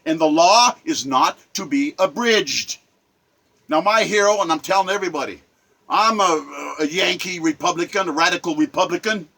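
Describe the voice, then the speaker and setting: A man's voice: on the high side, lively intonation, normal speed, creaky, sharp tone, low-quality recording. A man delivering an impassioned political monologue, emphatic and repetitive, preaching to his viewers. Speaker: political commentator and poet.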